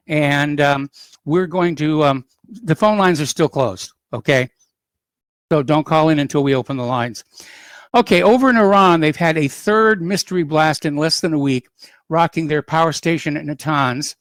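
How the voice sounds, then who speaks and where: A man hosting a call-in radio show, reading news items and adding opinionated asides in an unhurried, conversational way. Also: on the high side, a bit bright, no echo. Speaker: radio talk show host.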